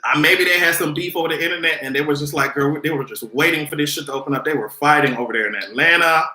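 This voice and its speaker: A young man chatting casually on a livestream, sassy and animated, with frequent cursing. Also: fairly high pitch, fast talker. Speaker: vlogger hosting a livestream. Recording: roomy echo.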